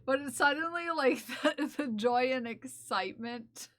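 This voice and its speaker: A woman with a high, bright voice chats unhurriedly on a live stream while she knits. She is playful and laughs often, teasing her viewers and scolding her cat. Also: unhurried. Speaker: knitting streamer. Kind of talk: casual live-stream chat.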